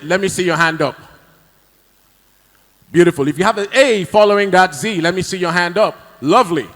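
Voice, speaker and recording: Lively man hosting a live draw. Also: high voice. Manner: upbeat, hyping the crowd. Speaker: event host. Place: large event hall. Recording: live hall with music.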